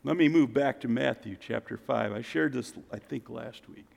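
A man preaching a sermon as pastor, swinging from loud exclamations to quiet, intense passages. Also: mid-range voice, animated, normal speed, gravelly, few pauses. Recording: long reverb of a church hall.

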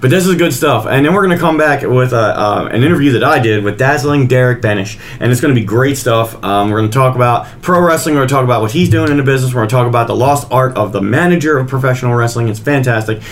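A man's voice: medium pitch, fast talker, few pauses, a little hiss or hum. A man hosting a wrestling podcast, chatting casually in a rambling, good-natured, self-deprecating way. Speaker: podcast host.

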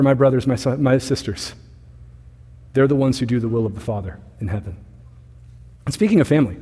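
A man's voice: mid-range voice, darkish tone, husky. A man in his thirties preaching a sermon as pastor, talking with the congregation in a conversational way and often asking them questions. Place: church sanctuary. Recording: reverberant church hall.

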